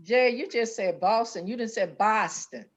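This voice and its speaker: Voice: mid-range voice, normal speed. A host in a casual group chat, replying mostly with short agreements and brief comments. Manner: frequent short agreeing replies. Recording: dull lo-fi call audio.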